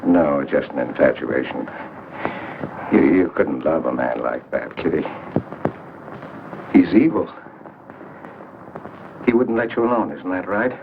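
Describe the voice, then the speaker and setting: An actor playing a meek, earnest middle-aged man who talks softly and pleads. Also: extremely low pitch, expressive, unhurried, gravelly, pauses often, background noise, heavily acted. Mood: pleading. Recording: muffled 1940s film soundtrack with score.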